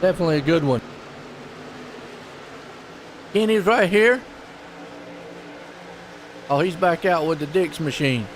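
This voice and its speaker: High-voiced man calling a race. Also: normal speed, slight background noise. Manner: excitable, folksy, puzzled asides. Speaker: race commentator. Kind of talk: live sim-racing play-by-play.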